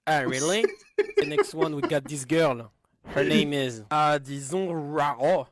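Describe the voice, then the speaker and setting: A man's voice: fairly high pitch, very animated, dry recording, studio quality. A man with a French accent in a comedic skit, mispronouncing English words on purpose and erupting in mock outrage when corrected. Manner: deliberately mangles English words, then shouts in mock outrage. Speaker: comedy video creator. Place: played from a video clip.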